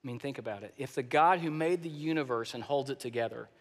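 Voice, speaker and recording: A male pastor preaching a sermon with emphasis, moving between loud declarations and soft, hushed lines, and often repeating words as he speaks. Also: mid-range voice, fast. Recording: long reverb of a large hall.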